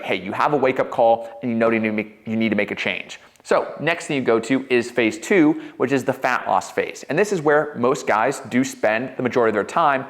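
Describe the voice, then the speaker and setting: A young man, a fitness coach, giving an energetic, conversational whiteboard talk and often checking in with "right?". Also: medium pitch.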